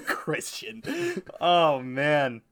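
A man's voice: a little high, wildly swooping pitch, very slow, creaky, fairly bright tone. A man co-hosting a casual podcast, teasing his partner and laughing often. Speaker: podcast co-host.

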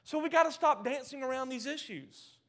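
High-voiced, fervent preacher, stammering. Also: male voice, animated, a little fast. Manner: passionate, builds to loud emphatic peaks then drops low and soft; stammers and repeats words. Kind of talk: sermon.

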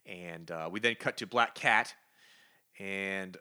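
A man co-hosting a comic book podcast, retelling stories with lively, acted-out character lines. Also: low voice, takes it slowly, clean tone. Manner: animated storyteller, acts out characters' lines. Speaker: podcast co-host. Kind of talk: casual comic book review chat.

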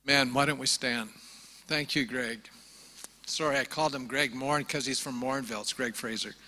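A man, the church's pastor, giving closing remarks in a church in an informal, slightly halting way. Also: mid-range voice, steady tone, sharp tone. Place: church sanctuary.

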